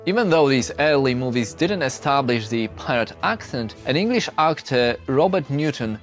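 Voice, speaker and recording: A man giving scripted narration for an explainer video, in a steady explanatory tone. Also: mid-range voice, moderate pace, faint music behind.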